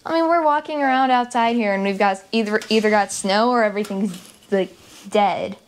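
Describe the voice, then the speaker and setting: A woman's voice: mid-range voice, a little fast, slight background noise. Chatty young woman co-hosting a family vlog. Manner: chatty, reading gift labels aloud. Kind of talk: casual chat.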